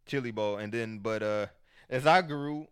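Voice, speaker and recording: A man's voice: fairly low pitch, moderate pace, clear, resonant tone. A man in casual chat, speaking candidly and with profanity.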